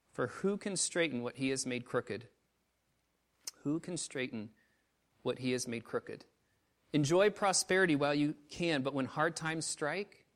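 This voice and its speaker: A missionary pastor preaching a sermon, telling stories with emotion, swinging from loud outbursts to hushed low tones. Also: male voice.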